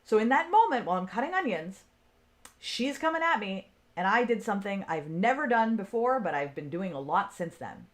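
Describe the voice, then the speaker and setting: A woman's voice: mid-range voice, big pitch swings, measured pace, pauses often. A woman telling a personal story in a casual, conversational way, often checking in with her listeners. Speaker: speaker on self-care.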